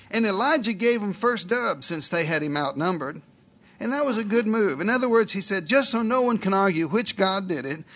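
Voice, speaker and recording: A man's voice: sits high, a bit bright. A male preacher giving a sermon in a folksy, joking storytelling manner.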